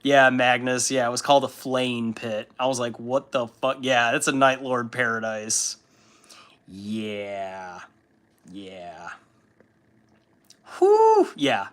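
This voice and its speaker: A man hosts a relaxed hobby livestream and chats in a loose, rambling way. He swears freely and fills his talk with ums and likes. His voice sits at a middle pitch with a bright, forward tone. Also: slow pace, pauses often. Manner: rambling and profane, with frequent fillers and laughs. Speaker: livestream host. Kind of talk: casual chat during a hobby stream.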